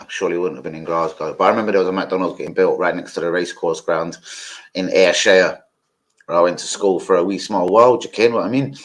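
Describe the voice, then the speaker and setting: A man hosting a live football watch-along, chatting casually, rambling off-topic and swearing freely while talking to his viewers. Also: sits low. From London.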